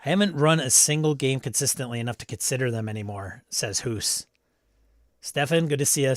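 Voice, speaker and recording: A man hosts a casual tabletop-games live stream, greeting viewers by name, reading the chat aloud, and tossing in snarky asides. He talks fairly quickly at a medium pitch, in clean studio sound with no room noise.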